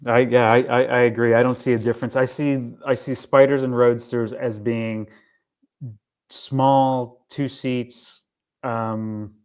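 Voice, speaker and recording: Easygoing man with halting restarts. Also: mid-range voice, flat delivery, smooth. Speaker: podcast co-host. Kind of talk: casual car chat.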